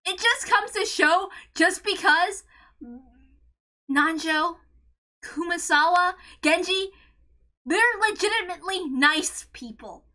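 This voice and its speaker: A woman's voice: very high voice, slow, pauses often. A woman hosting a read-along, giving emotional reaction commentary in an impassioned rant, stammering and close to tears. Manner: impassioned ranting, shouts and stammers. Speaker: host of a visual novel read-along.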